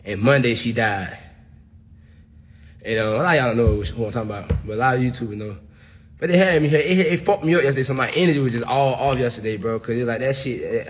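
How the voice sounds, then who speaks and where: A man's voice: medium pitch, fairly quick. A man ranting on a casual livestream, profane and emphatic, tacking "bro" onto nearly every sentence.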